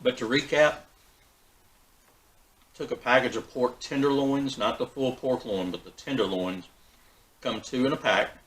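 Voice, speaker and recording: A man hosting a backyard barbecue vlog, talking in a relaxed, folksy way with fillers and restarts. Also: medium pitch, measured pace, long pauses, poor audio. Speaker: backyard BBQ channel host. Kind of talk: casual cooking vlog.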